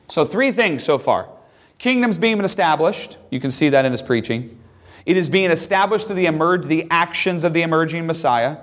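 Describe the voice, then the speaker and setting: A man's voice: lively intonation, normal speed. Emphatic man teaching a Bible lesson. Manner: emphatic, reads scripture aloud with rising pitch.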